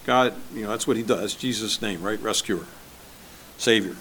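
A male pastor preaches a sermon in a conversational way, putting questions to the congregation. His voice is on the low side, pushed and bright, at a normal speed, with slight background noise.

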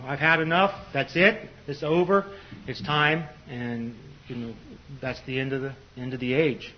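An older man preaches in a relaxed, conversational way, working through scripture with frequent fillers and small restarts. His voice sits at an ordinary middle pitch. The recording sounds a little muffled and lo-fi. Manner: conversational, many "you know" fillers and restarts. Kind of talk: informal Bible teaching. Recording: slightly dull lo-fi recording.

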